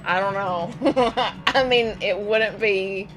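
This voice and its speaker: A woman's voice: mid-range voice, slow pace. A young woman streamer rambling through casual stories while gaming, laughing often, with game music playing behind. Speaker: live streamer. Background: video game music.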